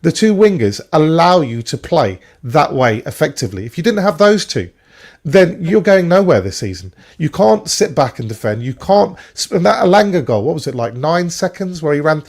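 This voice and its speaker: A man's voice: a little high, big pitch swings, moderate pace, a little mellow. A man on a fan show, giving long, opinionated takes on football. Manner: opinionated, explains at length. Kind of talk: casual football chat.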